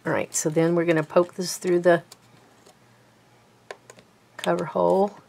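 Slow, gravelly-voiced woman crafter. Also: lowish voice, little pitch movement, darkish tone, a little hiss or hum. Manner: mutters and whispers to herself while working; self-deprecating, chatty. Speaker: bookbinding crafter. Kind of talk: hands-on craft tutorial.

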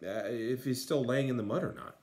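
A man's voice: mid-range voice, a little fast, darkish tone. A man Latin teacher translating a textbook aloud, with many fillers and dry asides.

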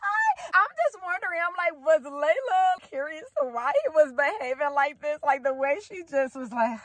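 Excitable, gushing woman, higher voice. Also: normal speed, no room sound. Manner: excitable, gushing, swears freely. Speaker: video host reacting to a TV show. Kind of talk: casual reaction commentary. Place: in a car.

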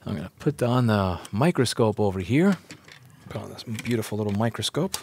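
A man's voice: fairly low pitch, animated, brisk, a little mellow, a little hiss or hum. A man teaching board repair in a casual walkthrough, explaining step by step, repeating points and asking viewers questions as he goes.

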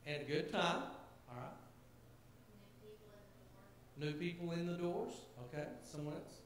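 The pastor's voice sits high and a bit bright; he speaks unhurriedly, pausing often. Delivering a sermon to his congregation in a church sanctuary, he's earnest and conversational and builds to emphatic points, with strong echo and faint hiss in the recording.

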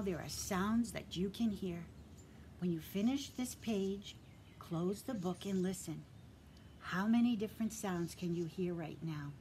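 A woman teacher gently reading a picture book aloud to young children, speaking straight to them and dropping to a soft whisper for quiet parts. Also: lowish voice, a little hiss or hum. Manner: gentle and encouraging, addresses children directly; stops to point out real sounds around her. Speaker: preschool teacher.

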